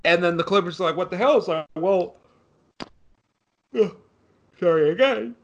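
A man's voice: high-pitched, unhurried, highs cut off. A young man co-hosting a casual sports podcast, sarcastic and ranting, swearing freely. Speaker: podcast co-host.

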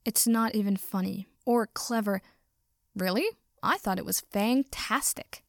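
A woman voicing a sulky young male ghost who speaks in a flat, deadpan way. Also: mid-range voice, unhurried, no room sound, studio quality, close to an everyday voice.

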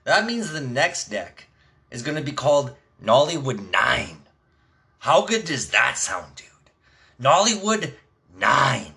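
A man's voice: mid-range voice, sharp tone. A man hosting his own podcast in a casual, laid-back way, swearing constantly as he chats. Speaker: podcast host. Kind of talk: casual stoner podcast chat.

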